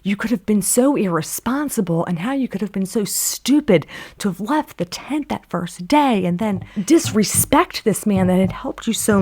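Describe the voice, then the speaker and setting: A woman telling a dramatic story in a monologue, rambling with many fillers and swinging from loud outbursts to near-whispers. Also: mid-range voice.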